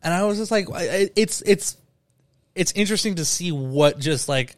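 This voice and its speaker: A man co-hosting a casual film podcast, eager and talkative, stumbling over repeated words as he gets excited. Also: high-pitched, normal speed, dry recording, clean studio sound. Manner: enthusiastic, stammering restarts, casual slang. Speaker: podcast co-host.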